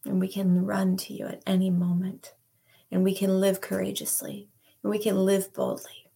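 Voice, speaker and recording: A woman giving a devotional talk and leading a prayer, slow and soft, often dropping into a whisper. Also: mid-range voice, completely flat delivery, creaky, slightly rough. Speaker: podcast host.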